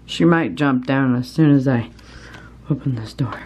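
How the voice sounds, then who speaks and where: A woman's voice: very deep voice, unhurried, darkish tone, slight background noise. A young adult woman narrating a casual family vlog to her viewers in a chatty way. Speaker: family vlogger.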